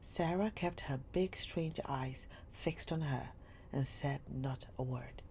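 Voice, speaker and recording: Slow, soft-spoken woman reading a story. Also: a bass voice, slight background noise. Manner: slow, soft, often near a whisper. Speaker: narrator reading a classic novel aloud.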